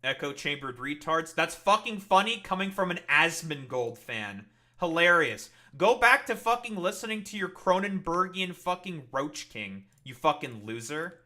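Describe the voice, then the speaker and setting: Male streamer, combative live-stream rant, profane and sarcastic, forceful tone. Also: a little high, lively intonation, moderate pace. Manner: sarcastic, mocking.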